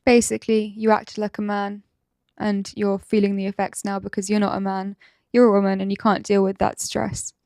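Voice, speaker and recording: A woman's voice: mid-range voice, monotone, moderate pace, creaky, a little mellow, smooth. A woman host reacting to a clip, firing critical rhetorical questions. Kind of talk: reaction commentary.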